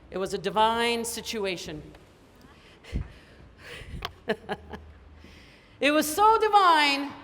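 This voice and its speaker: A woman from Canada giving a high-energy motivational keynote, telling stories with lots of emphasis. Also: a bit bright. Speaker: keynote speaker. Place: large conference hall. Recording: echoey hall with faint noise.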